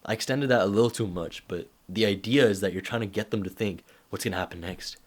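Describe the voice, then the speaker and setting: A man's voice: on the low side, fast talker. A young man talking casually to camera, giving advice and acting out little stories with quoted voices. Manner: animated storytelling with acted-out quotes.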